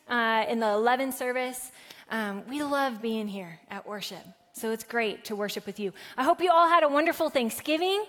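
A woman's voice: high-pitched, a bit bright, long reverb tail. A woman pastor preaching a sermon in a conversational, playful way to a live congregation in a church sanctuary.

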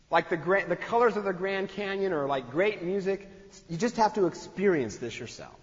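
A pastor delivers a sermon conversationally, acting out the voices of the people he quotes. His voice is high-pitched and expressive at a normal speed. The sound is dull, recorded in a hall with a long echo.

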